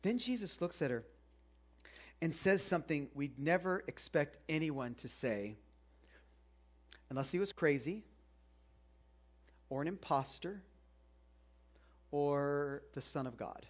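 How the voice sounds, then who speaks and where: A man's voice: on the high side, expressive, takes it slowly, pauses often. A man preaching a sermon in a casual, conversational way, asking the congregation questions as he goes. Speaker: pastor.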